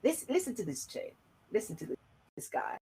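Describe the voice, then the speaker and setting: A woman's voice: medium pitch, huge pitch swings, fairly quick, heavy background noise. Chatty British woman hosting a live show. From United Kingdom. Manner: chatty and upbeat, many fillers. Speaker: host. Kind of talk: live online interview show.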